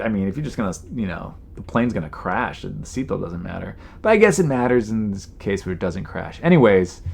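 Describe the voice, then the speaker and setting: Man, podcast host, low-ish voice, rambling casual storytelling, lots of fillers, exasperated asides. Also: creaky. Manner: rambling, heavy on "you know" fillers; mimics people in exasperated quoted asides.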